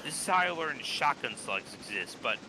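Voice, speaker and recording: A man chatting on a game stream, excitable and quick to laugh. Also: medium pitch, noisy background. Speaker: stream co-player. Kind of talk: casual game-stream chat.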